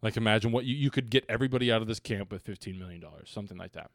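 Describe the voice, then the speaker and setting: A man's voice: lowish voice, rapid-fire, no echo, clean studio sound. A young man co-hosting a podcast, recapping a movie in casual chat, swearing freely and getting worked up. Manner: animated, profane, laughs often, acts out quotes. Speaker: podcast co-host.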